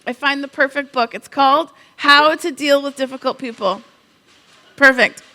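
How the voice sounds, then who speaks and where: A woman from Canada giving a conference keynote, telling humorous, animated stories full of quoted asides. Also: sits high, normal speed. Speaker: keynote speaker.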